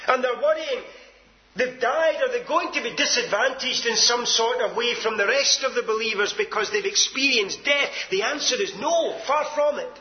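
A man preaching a sermon with emphatic delivery, swinging from loud declarations to hushed asides. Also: extremely high pitch, moderate pace, lo-fi sound.

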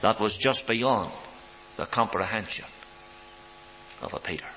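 A man preaching a sermon, swelling in pitch and loudness for emphasis, on a dull recording with mains hum. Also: measured pace.

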